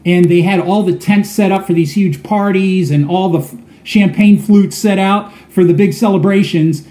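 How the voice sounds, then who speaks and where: A man's voice: high-pitched, moderate pace, dark tone. A man preaching a sermon, telling a story earnestly and often repeating words as he goes. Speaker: pastor. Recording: echoey room.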